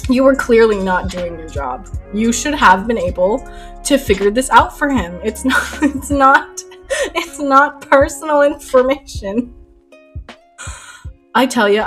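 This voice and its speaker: A young adult woman streaming while she paints, chatting casually, laughing often and telling stories animatedly. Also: a little high. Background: soft lo-fi music.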